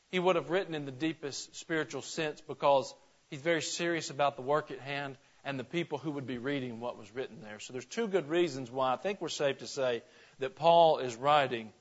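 A man's voice: medium pitch, dull audio. A man from Georgia preaching a conversational sermon to his church, folksy and full of questions to the congregation. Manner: folksy, asks the congregation questions, frequent restarts. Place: church sanctuary.

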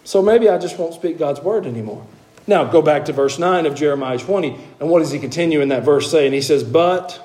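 Animated preacher with a mellow voice. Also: male voice, normal speed. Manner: animated, swings between hushed asides and emphatic high exclamations. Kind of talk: sermon.

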